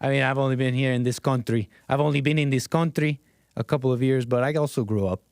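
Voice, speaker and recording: A man's voice: mid-range voice, quick pace, gravelly, a little mellow, dry recording, clean studio sound. A man hosting a political commentary livestream, talking sarcastically to his chat and chuckling often. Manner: talks straight to chat. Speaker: livestream host.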